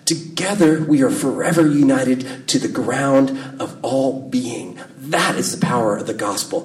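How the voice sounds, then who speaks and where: A man in his thirties preaching a sermon in a slow, measured way, letting his phrases fall soft at the ends. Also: mid-range voice. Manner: slow, measured delivery with soft dropping endings. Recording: distant mic with faint room ambience.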